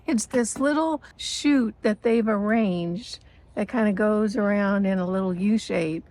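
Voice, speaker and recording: A woman's voice: mid-range voice, slow, darkish tone, slight background noise, rough recording. A woman in her sixties talking to her viewers in a reflective, earnest monologue, telling personal stories with emotion and frequent laughter. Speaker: lifestyle vlogger.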